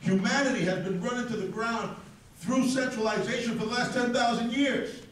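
A man with a high voice delivers a combative, profane rant to a live audience. He is heard from a distance, and the room rings with heavy echo around every word. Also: fairly even intonation, normal speed, a bit bright. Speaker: speaker at a crypto event. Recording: very echoey, distant mic in a hall.

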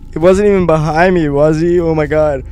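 A young gamer narrates a horror game let's play, nervously muttering to himself and breaking into panicked yelps. His voice is a little high, picked up by a gaming headset in a dark room.

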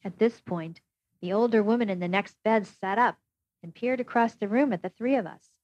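Brief: woman audiobook narrator, measured first-person reading, mid pitch, dull dry recording. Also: darkish tone, dry recording. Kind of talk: scripted narration.

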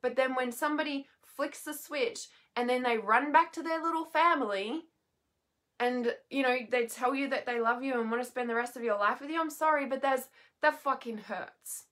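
A woman's voice: high voice, moderate pace, a bit bright. Worn-out woman venting, swearing freely. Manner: raw, swearing, restless, trailing off and restarting. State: tired, emotionally worn. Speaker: healer and mentor vlogger. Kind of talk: emotional unscripted monologue. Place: at home, in bed.

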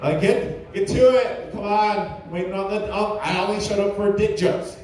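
High-pitched guy doing crude stand-up, sounds far from the mic in a super echoey club. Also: moderate pace, darkish tone. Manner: crude, rambling, filler-heavy. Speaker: stand-up comedian. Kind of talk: stand-up comedy set. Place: comedy club stage. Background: audience laughter.

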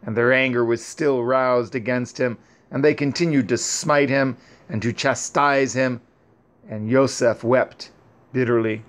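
A man reads an old scripture story aloud in a solemn, measured voice. His pace is very unhurried, each phrase set apart. His pitch sits at an ordinary middle. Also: steady tone. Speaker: reader.

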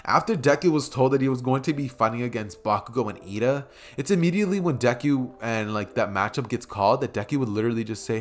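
A man's voice: medium pitch, expressive, fast talker, few pauses. A young man casually improvising a fan story, rambling with many fillers and chuckling asides, at a desk mic by a keyboard.

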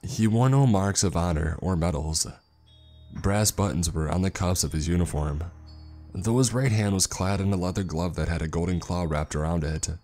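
A man reading a horror story aloud in a slow, grave scripted narration. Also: sits low, darkish tone. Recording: narration with faint music.

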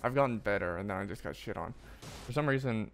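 A man's voice: lowish voice, animated, fast, slight background noise. A man streaming a video game, muttering and swearing at it, with frustrated outbursts and jokes at his own expense. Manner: swears a lot, frustrated outbursts and self-mockery; mutters to himself between loud yelps. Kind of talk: live gameplay commentary.

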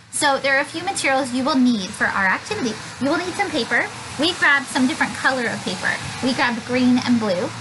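A woman's voice: high voice, sharp tone, a little hiss or hum, low-quality recording. A woman Sunday school teacher leading a children's craft, upbeat and encouraging.

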